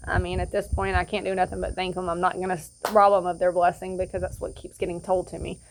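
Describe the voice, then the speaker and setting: A woman sharing a personal testimony outdoors, rambling through her story with frequent fillers and restarts. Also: medium pitch. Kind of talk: casual spoken testimony. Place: outdoor campsite.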